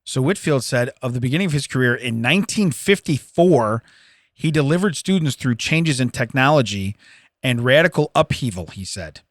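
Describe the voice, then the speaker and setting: A man's voice: medium pitch, lively intonation, normal speed, no room sound, studio quality. A man co-hosting a casual comedy podcast, laughing often and riffing as he reads out news items. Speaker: podcast co-host.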